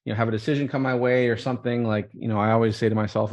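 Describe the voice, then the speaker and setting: A man's voice: lowish voice, little pitch movement, a little mellow, highs cut off. A man who is the guest entrepreneur on a podcast, talking casually and packing his sentences with fillers. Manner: fast-talking, full of fillers like "you know". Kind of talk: casual interview chat.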